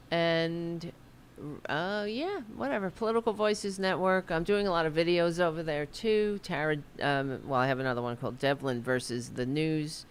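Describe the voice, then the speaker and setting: Low-voiced woman hosting a rambling political stream. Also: a little slow, clean tone. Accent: New York. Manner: rambling and profane, self-conscious about her hair. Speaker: political podcast host. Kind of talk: casual livestream chat.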